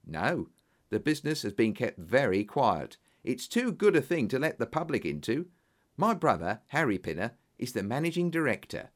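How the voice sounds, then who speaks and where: A man voicing an eager, effusive businessman in an audiobook, exclamatory and flattering. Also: medium pitch, normal speed, lightly acted. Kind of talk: audiobook character voice.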